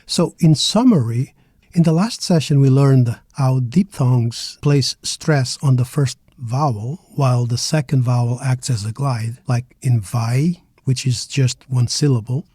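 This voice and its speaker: Slow, deliberate male teacher. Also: mid-range voice, dark tone, breathy edge, no room sound, clean studio sound. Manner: deliberate, models words syllable by syllable. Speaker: language teacher. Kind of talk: slow, careful pronunciation lesson.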